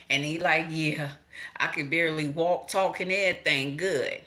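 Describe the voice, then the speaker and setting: A woman's voice: low-pitched, bright, forceful tone. A middle-aged woman from Chicago doing a casual tarot reading, talking straight to viewers, swearing freely and laughing. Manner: profane, laughing, talks to viewers directly. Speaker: tarot reader.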